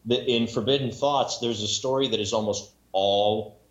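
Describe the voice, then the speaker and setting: A man's voice: fairly low pitch, fairly even intonation, moderate pace. Rambling man in an echoey room. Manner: rambling, many restarts, self-mocking. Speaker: audiobook narrator guest. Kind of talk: casual podcast chat. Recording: echoey room, dull lo-fi sound.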